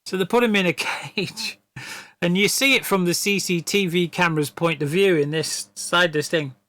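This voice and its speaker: Streamer guy rambling, lots of stammers and laughs, bright slightly high voice. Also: steady tone, moderate pace, no room sound. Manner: rambling, stammering storyteller who laughs often. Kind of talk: casual chat.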